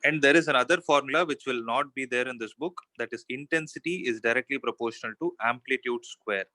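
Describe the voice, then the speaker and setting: A man's voice: mid-range voice, a little fast, bright, forceful tone, low-quality recording. Man teaching physics with rhetorical questions. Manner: explains step by step with rhetorical questions. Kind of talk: classroom lecture.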